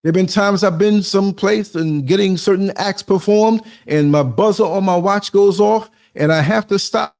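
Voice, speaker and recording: A man's voice: high voice, moderate pace, creaky, hardly any pauses. A man giving a blunt, streetwise motivational monologue on his podcast, acting out bits of dialogue as he tells stories. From New York. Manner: streetwise, blunt, animated storytelling with acted-out quotes.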